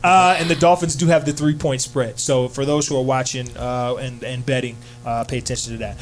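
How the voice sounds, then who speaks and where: A man's voice: mid-range voice, steady tone, a little fast, soft background music. A man hosting a casual sports radio show in a studio, upbeat and filler-heavy, hyping up his co-hosts. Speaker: sports talk show host.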